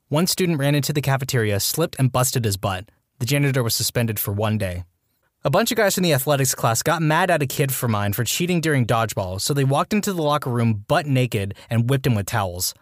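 A man's voice: medium pitch, expressive, fairly quick, no room sound. Man narrating in a dry, close voice. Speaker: narrator reading anonymous posts. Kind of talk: scripted narration.

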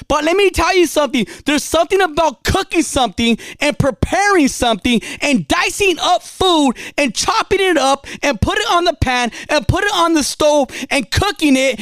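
A woman's voice: high voice, expressive, moderate pace, dry recording. A woman giving a casual motivational talk, emphatic and repetitive, dropping slang as she drives her points home.

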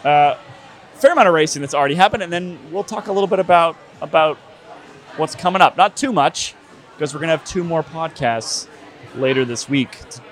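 A man's voice: on the high side, a little fast. A man hosting a podcast in a casual, joking, conversational way, recorded in a tavern. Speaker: podcast host.

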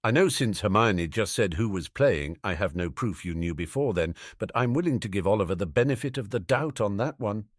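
A man's voice: lowish voice, animated, a little fast, few pauses, no echo, clean studio sound. A man voicing a wry, matter-of-fact teenage boy.

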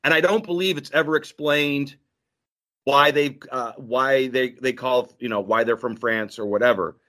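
A man hosting a podcast in casual chat, animated and quoting scenes in voices. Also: mid-range voice, normal speed. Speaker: podcast host.

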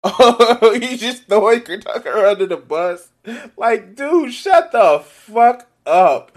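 A man giving casual, profane reaction commentary on a video, excitable and laughing often. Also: high voice, slow pace.

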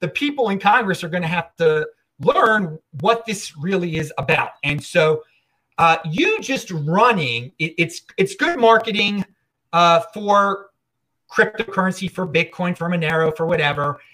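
A male podcast host in easy, casual conversation with his guest. His pitch swings widely as he talks, and he trips over his words and restarts his sentences. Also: a little slow, low-quality recording. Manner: animated, stumbling restarts. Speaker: show host. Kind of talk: casual interview chat.

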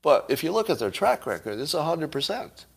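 A man's voice: fairly high pitch, very animated, a little fast, creaky, breathy edge. A man hosting a casual livestream, arguing his point and throwing rhetorical questions at viewers, with the odd chuckle. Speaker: livestream host.

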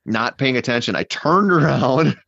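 A man casually telling a long story in a rambling, animated way, full of fillers and restarts. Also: mid-range voice, moderate pace, creaky, no room sound. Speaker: podcast guest hunter. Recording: dull, dry podcast mic.

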